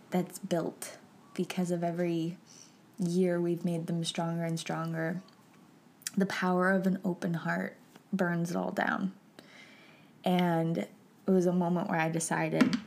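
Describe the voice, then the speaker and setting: Animated woman telling a heartfelt story. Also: fairly low pitch. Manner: emotional and animated, addresses listeners as "you guys"; casual and chatty, with frequent "like" fillers. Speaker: podcast host. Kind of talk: personal storytelling monologue.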